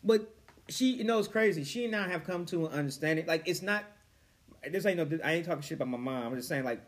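Fast, lively, high-voiced young man. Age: young adult. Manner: animated storyteller, profane. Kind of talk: casual group chat.

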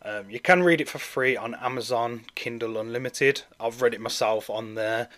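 Chatty podcast host. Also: male voice, medium pitch, moderate pace. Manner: chatty, relaxed, with many ums and a friendly "mate". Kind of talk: casual podcast chat.

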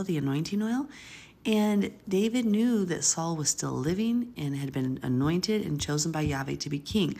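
A woman's voice: low-pitched, a little mellow, husky. A woman reading a Bible passage aloud and stopping often to explain it in an earnest, chatty way. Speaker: Bible teacher.

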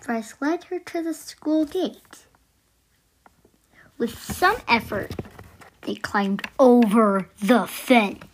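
Slow, halting woman storyteller. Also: a little high, lively intonation, slight background noise. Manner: halting, with many restarts and soft asides. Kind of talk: improvised spoken storytelling.

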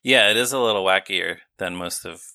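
Lower-voiced man with a very bright tone. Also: brisk, no echo, clean studio sound. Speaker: podcast co-host. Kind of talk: casual chat.

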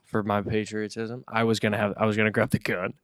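A man's voice: fairly low pitch, level tone, fast talker, no echo, clean studio sound. A man talking bluntly in a casual podcast chat, full of "like" and "dude". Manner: blunt, swears, says "like" and "dude" a lot. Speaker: podcast co-host.

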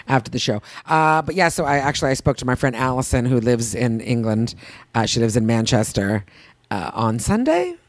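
A woman's voice: a bass voice, moderate pace, no room sound. A woman co-hosting a casual podcast chat, telling stories and acting out the people she quotes. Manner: animated storyteller, acts out quotes in swooping voices. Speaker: podcast co-host.

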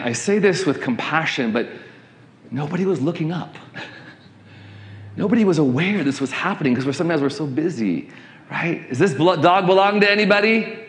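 A middle-aged man preaching a sermon, telling a personal story in an animated way and acting out the voices of people in it. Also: medium pitch, roomy sound. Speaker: pastor. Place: church sanctuary.

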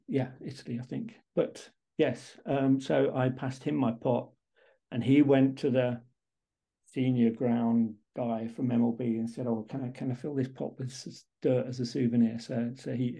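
A man being interviewed as a guest in a casual chat, talking in halting bursts with many restarts and repeated words. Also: medium pitch, level tone, vocal fry, warm tone, breathy edge, rough recording. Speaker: interview guest, baseball photographer.

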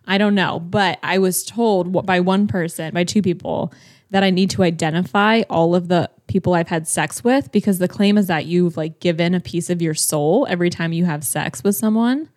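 A woman's voice: fairly low pitch, moderate pace, darkish tone, dry recording. Giggly, swearing woman podcast co-host. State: high on marijuana. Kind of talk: casual chat.

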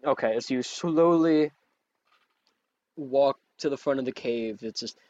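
A man's voice: medium pitch, unhurried, darkish tone, highs cut off. A man running a tabletop game as game master, narrating scenes and patiently explaining rules, correcting himself as he goes.

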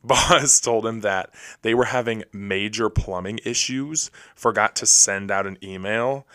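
Young male podcast host, lowish voice, rapid rambling solo chat, dry booth sound. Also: pushed and bright, no room sound. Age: young adult. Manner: rapid, rambling, self-deprecating. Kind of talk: casual solo storytelling. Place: recording alone.

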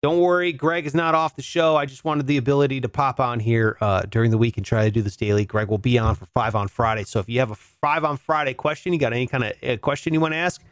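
A man's voice: mid-range voice, fairly even intonation, fast, hardly any pauses, dry recording, studio quality. A man hosting a solo podcast in a casual, laid-back way, swearing freely and calling listeners dude and bro. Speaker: podcast host.

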